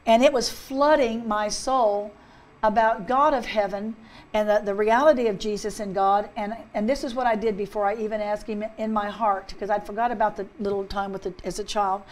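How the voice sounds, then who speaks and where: A woman's voice: mid-range voice, steady tone, normal speed. A woman minister giving a fervent personal testimony, speaking earnestly and often repeating herself. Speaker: guest minister.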